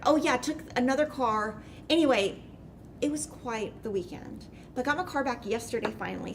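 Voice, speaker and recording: A middle-aged woman tells a long, rambling story in a casual, animated way, full of "like" and asides. Her voice sits a little high. A faint background hiss is audible. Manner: chatty, rambling, lots of "like". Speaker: host.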